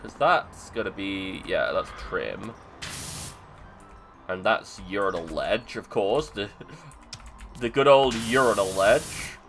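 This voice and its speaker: A man's voice: lowish voice, slow, long pauses, a bit bright, soft background music, low-quality recording. A British man chatting casually while streaming a game, rambling, joking and muttering to himself as he plays. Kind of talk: casual gameplay chat.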